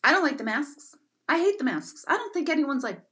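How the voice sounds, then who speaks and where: Middle-aged woman, live-stream rant, emphatic and self-mocking, bright voice that jumps around. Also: a little high, expressive, normal speed. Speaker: intuitive and meditation teacher hosting a live stream.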